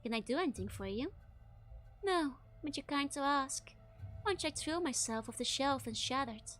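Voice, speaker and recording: A woman's voice: sits high, lively intonation, fairly bright tone, faint music behind. A woman whispering as a sultry bored skull, whispered role-play. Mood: languid. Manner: slow, languorous whisper.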